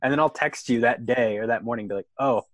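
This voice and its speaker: A man co-hosting a podcast, telling quick teasing anecdotes in casual chat. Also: mid-range voice, no room sound. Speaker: podcast co-host.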